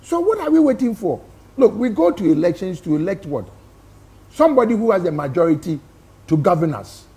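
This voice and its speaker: Speaking fairly quickly with big pitch swings, this man's voice sits high but has a dark tone. A studio guest with a Ghanaian accent, he argues forcefully in a heated talk-show debate, tossing out rhetorical questions.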